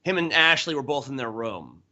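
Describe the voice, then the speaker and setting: Bright-voiced man telling a prank story. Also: medium pitch, lively intonation, normal speed, muffled recording. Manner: profane, laughing storyteller. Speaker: podcast co-host. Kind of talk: casual storytelling. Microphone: remote call that drops out.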